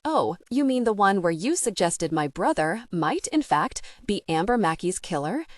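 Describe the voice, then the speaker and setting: A woman's voice: medium pitch, sing-song, normal speed, dry recording, clean studio sound, close to an everyday voice. A woman voicing a sarcastic, irritable sixteen-year-old girl in an audiobook. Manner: sarcastic, snappy. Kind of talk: audiobook character voice.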